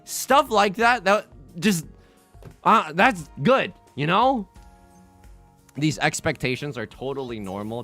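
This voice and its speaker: Animated, self-mocking young male streamer. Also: fairly high pitch. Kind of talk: casual livestream chat.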